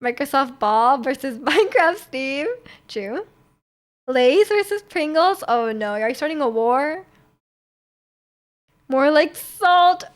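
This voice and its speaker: A woman's voice: high-pitched, lively intonation, slow, pauses often. A young woman streamer chatting casually with her viewers, rambling with lots of fillers and restarts.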